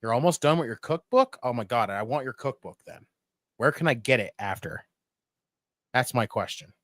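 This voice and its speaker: A man hosting a wrestling watch party, talking loosely and swearing as he jokes with the chat. His pitch sits mid-range, and the close, dry mic gives the voice no room sound. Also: moderate pace, dry recording. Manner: profane, excitable, jokey. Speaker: podcast host.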